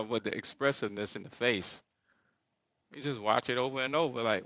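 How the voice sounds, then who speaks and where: Gravelly, bright-toned man thinking aloud. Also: on the low side, normal speed, no room sound. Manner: thinks aloud, rambling asides, searches for words. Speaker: solo creator building an app. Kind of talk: casual screen-share coding commentary.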